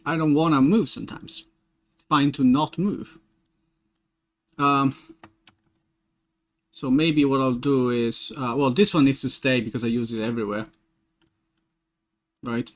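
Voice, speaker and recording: A man streaming game development, thinking aloud in a casual, halting way as he works through code. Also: medium pitch, steady tone, dull audio. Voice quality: muttering to himself, halting restarts.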